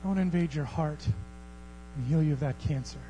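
A man preaching a sermon as pastor, swinging from hushed, almost whispered passages to loud, thundering ones. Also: on the high side, moderate pace, low-quality recording. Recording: faint mains hum.

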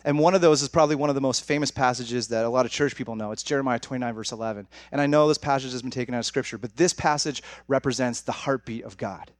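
A young male pastor with a medium-pitched voice preaches fast, with hardly any pauses, speaking directly and conversationally to the congregation and calling them "guys." There's no room sound.

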